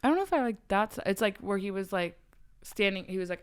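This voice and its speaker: A woman speaks with a smooth, clear voice in loose, casual podcast chat. She tells candid stories that are full of profanity and keeps dropping "like" between phrases. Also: mid-range voice, quick pace. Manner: candid, profane storytelling with many "like" fillers. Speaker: podcast guest.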